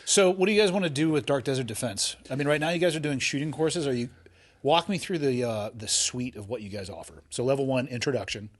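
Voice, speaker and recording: Husky, quick-talking male podcast host. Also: mid-range voice. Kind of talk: casual interview chat.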